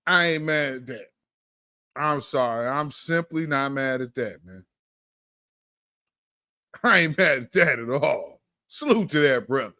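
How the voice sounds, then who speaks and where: A man's voice: mid-range voice, lively intonation, unhurried, long pauses, pushed and bright, no echo, clean studio sound. A man hosting a political commentary show, talking in an emphatic, slangy, fired-up way.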